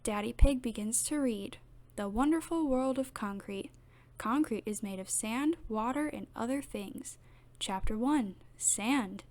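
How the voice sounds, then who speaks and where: A woman reading a children's picture book aloud in steady, gentle narration. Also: on the high side, a little slow. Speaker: storybook reader.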